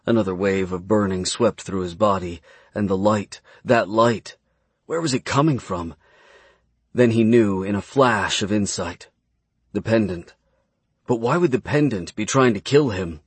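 A man narrating a fantasy novel as an audiobook, reading in a measured, dramatic way. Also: lowish voice, slightly rough, no echo.

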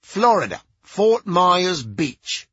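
A man's voice: high voice, sing-song, slow pace, a bit bright, no echo, lo-fi sound, pitched above the performer's own voice, full character voice. Man putting on a crude cranky old rocker. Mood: gruff. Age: older. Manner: profane, blunt, gruff.

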